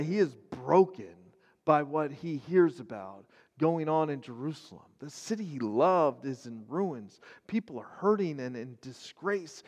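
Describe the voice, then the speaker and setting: Pastor, male, middle-aged: high-pitched and earnest, casual preaching with loose fillers, long reverb trailing behind. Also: darkish tone. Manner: conversational, earnest, many fillers and restarts. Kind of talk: casual sermon video.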